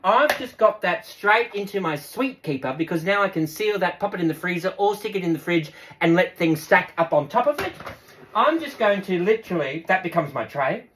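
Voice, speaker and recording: A man's voice: sits high, animated, moderate pace, fairly bright tone, slight background noise. A man with an Australian accent giving a casual cooking demonstration, chatty and upbeat and talking straight to his viewers.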